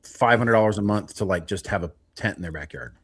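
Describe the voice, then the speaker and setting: A man co-hosting a podcast, chiming in with quick laid-back remarks in casual chat. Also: fairly low pitch, husky. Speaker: podcast co-host.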